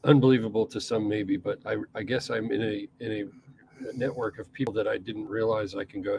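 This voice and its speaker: An East Coast man with a gravelly, low-pitched voice co-hosts a podcast. He rambles in casual chat, restarting his sentences and cursing now and then. Faint noise sits under his voice. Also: fairly even intonation, normal speed, darkish tone, rough recording. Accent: East Coast American. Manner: rambling, with frequent restarts and profanity. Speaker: podcast co-host.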